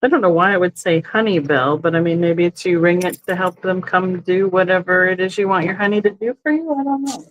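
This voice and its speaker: A woman's voice: lowish voice, a little fast, hardly any pauses, rough recording. A woman hosting a live online sale, chatting casually and thinking aloud as she describes each item, often correcting herself. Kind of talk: casual live-stream selling. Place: indoors, seated in a chair.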